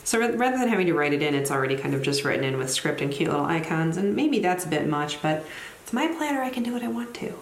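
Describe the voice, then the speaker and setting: A woman's voice: deep voice, very animated, fast, roomy sound. A woman who teaches, chatting casually as she plans her week, thinking aloud and making light asides about herself. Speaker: planner vlogger. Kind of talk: casual plan-with-me narration while decorating.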